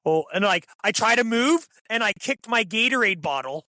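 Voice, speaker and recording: A young man telling hunting stories as a podcast guest, in an excitable, animated way full of fillers. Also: high-pitched, normal speed, no echo. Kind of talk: casual storytelling.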